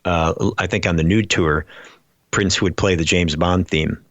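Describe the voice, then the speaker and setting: A man's voice: low voice, steady tone, a little slow, fairly bright tone, no echo, dull audio. A man chatting casually on a podcast, rambling through stories with many fillers and restarts. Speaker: podcast guest. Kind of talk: casual chat.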